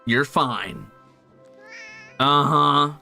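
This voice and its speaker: A man's voice: a little high, extremely slow, gravelly, sharp tone, soft background music. A young man streaming casually, coaxing and teasing his pets with a playful, casual cursing manner. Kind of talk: casual live stream chat.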